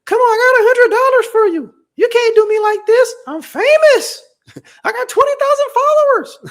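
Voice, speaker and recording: A man voicing a spoiled young influencer who whines and demands a taco in a high squeal. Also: animated, moderate pace. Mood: whiny demanding. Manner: squealing, whiny, entitled.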